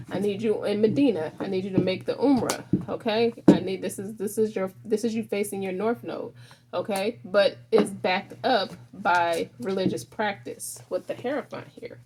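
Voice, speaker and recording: A woman talks the viewer through a tarot spread in a loose, conversational way. She rambles, repeats herself and restarts sentences as she goes. Her voice sits at an ordinary pitch. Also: moderate pace, background noise. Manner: rambling, frequent restarts, addresses viewer directly. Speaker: tarot reader. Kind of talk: casual tarot reading.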